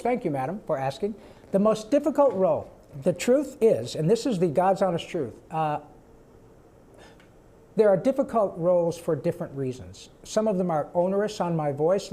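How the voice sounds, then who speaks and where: A voice actor answering audience questions at a live panel, animated and quick to slip into character voices. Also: male voice, fairly high pitch. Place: event stage before a live audience.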